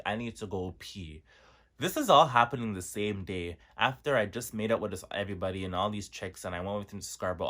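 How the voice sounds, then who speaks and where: A man in his twenties from Toronto, telling a dramatic storytime on his vlog. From Toronto, Canada. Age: 20s. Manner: animated, dramatic storyteller with big pitch swings. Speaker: vlogger.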